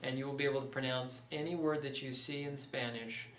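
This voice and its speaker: A male teacher records a lesson, calmly working through one example after another. His voice sits a little away from the mic in a reverberant room, with a faint hum of ambience behind it. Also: medium pitch, fairly quick, recorded from a distance. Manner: patient, walks through examples step by step. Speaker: Spanish teacher. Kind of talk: recorded online lecture.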